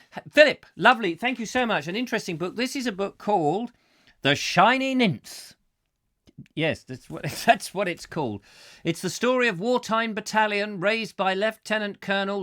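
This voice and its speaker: A man's voice: high voice, fairly bright tone. A middle-aged man hosting a comic live chat show, rambling playfully and breaking into silly voices and sung sound effects.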